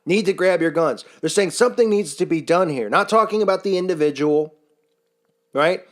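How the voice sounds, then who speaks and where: A man's voice: sits high, normal speed. A man delivering a scornful, sarcastic commentary rant, full of rhetorical questions. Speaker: commentary channel host. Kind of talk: ranting monologue commentary.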